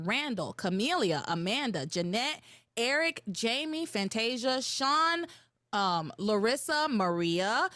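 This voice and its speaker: Woman podcast host, young adult, higher voice, animated and profane, dry close mic. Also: no room sound. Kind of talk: casual chat.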